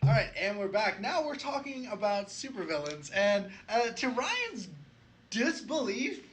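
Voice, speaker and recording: Excitable high-voiced male podcast host. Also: unhurried, background noise. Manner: excitable, swears freely, pushy. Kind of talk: casual chat.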